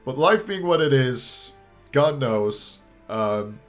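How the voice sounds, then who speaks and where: A young man talks to his viewers in a voice that is choked up and close to tears. His mid-range delivery halts, trails off and restarts, with casual swearing mixed in. Faint music plays softly underneath. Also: mid-range voice, expressive. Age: young adult. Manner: emotional, halting, restarts and pauses, swears casually. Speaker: YouTuber. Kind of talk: heartfelt farewell talk to viewers.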